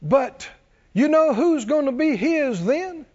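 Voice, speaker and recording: Pastor type, man, high voice that swoops a lot, preaching to a crowd, muffled lo-fi recording. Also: slow. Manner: animated preaching, jokes with congregation, does cartoon voices. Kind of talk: sermon.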